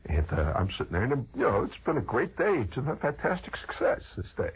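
Male radio storyteller, low husky voice, lively swooping delivery, digressive and conversational. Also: brisk. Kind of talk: rambling humorous radio monologue. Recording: dull lo-fi radio recording.

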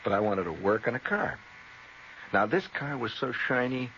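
Rambling male radio storyteller, lively pitch. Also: normal speed. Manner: conversational, full of asides and tag questions. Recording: slightly dull old radio recording, faint hiss.

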